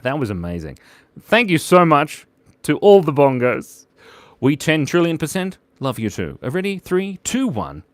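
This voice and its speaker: A man's voice: a little high, wildly swooping pitch, moderate pace, no room sound. A man hosting a casual live drawing stream, joking and chatting with viewers as he draws. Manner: playful, jokey, chatty with viewers. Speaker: livestream drawing host.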